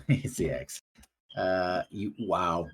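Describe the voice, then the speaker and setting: A man running a tabletop game as game master, narrating haltingly with many fillers. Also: deep voice, animated, husky. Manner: halting, many ums and uhs while narrating.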